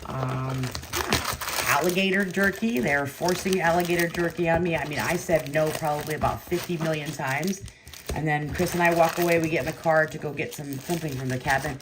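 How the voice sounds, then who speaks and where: Low-voiced chatty woman opening cards. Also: a little fast, noisy background. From California. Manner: chatty, rambling, with excited outbursts. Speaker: card break host. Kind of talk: casual live-stream chat while opening cards.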